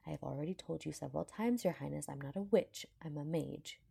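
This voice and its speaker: A woman's voice: mid-range voice, level tone, quick pace, creaky, mellow, slightly rough, voice pushed up. A woman reading a fanfiction aloud, voicing a flustered, sassy young female mage who stammers and protests. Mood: indignant. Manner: stammering, indignant.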